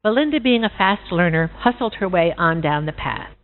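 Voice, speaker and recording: A woman reads a fable aloud to a conference audience in an expressive storytelling manner. Her pitch moves a lot. The sound is thin and phone-like. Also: moderate pace. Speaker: conference speaker.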